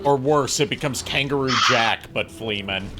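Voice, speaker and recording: A man co-hosting a casual game stream with quick jokey asides. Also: medium pitch, bright, forceful tone, slight background noise.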